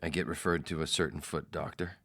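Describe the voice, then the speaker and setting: A man with a deep, low voice tells a rambling personal story on his podcast. He talks casually and animatedly, and his voice jumps up when he mimics the people in the story. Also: brisk. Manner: animated, mimics others in quoted lines. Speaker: podcast host.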